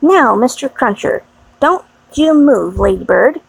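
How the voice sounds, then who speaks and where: A woman voicing a fussy, fiercely loyal older English maid in an audiobook reading, brisk and emphatic. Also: sits high, expressive, creaky, breathy edge, no room sound, exaggerated voice, low-quality recording. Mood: resolute.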